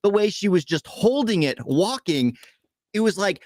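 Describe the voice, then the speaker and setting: A man's voice: high-pitched, very animated, moderate pace, darkish tone, no echo. A man co-hosting a casual movie review, ranting in frustration with rhetorical questions.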